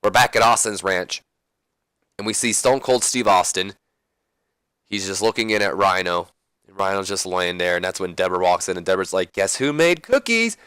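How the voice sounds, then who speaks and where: A man's voice: sits low, flat delivery, fairly quick, sharp tone, clean tone, no room sound. A young man casually recapping a wrestling game, rambling and swearing, correcting himself often. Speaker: let's play commentator.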